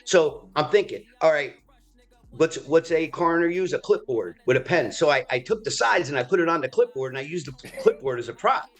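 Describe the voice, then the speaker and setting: A man's voice: fairly high pitch, fairly quick. A middle-aged man, an actor, telling a story in a casual interview and acting out the other people's lines. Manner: animated storyteller, acts out quoted voices.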